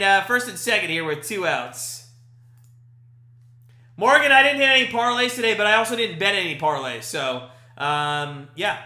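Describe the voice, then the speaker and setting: A man's voice: high-pitched, sharp tone. A young man hosting a casual live stream, giving baseball play-by-play in a loose, joking way and answering viewer comments. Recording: echoey room.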